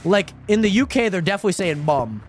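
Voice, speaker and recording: A man's voice: high voice, sing-song, quick pace. A man from Spokane, Washington, livestreaming in casual chat. He reacts to his viewers in a rambling, filler-heavy way and laughs often. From Spokane, Washington, USA. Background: music.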